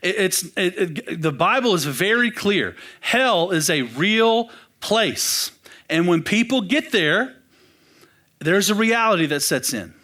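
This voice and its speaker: Bright-voiced pastor telling a story. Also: male voice, high-pitched, slow. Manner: animated, self-deprecating storytelling. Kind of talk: storytelling sermon. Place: church sanctuary.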